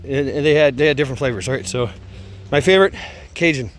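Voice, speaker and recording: A man's voice: medium pitch, quick pace, slight background noise. A man telling a casual story, rambling and swearing, with lots of fillers, restarts and frequent laughs. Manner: laughs often while telling.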